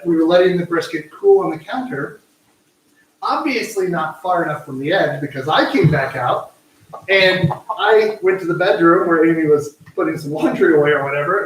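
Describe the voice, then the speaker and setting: A man hosting a live cooking show from his home kitchen, chatting casually in a rambling, self-mocking way. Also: fairly high pitch. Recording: echoey room, mic far off.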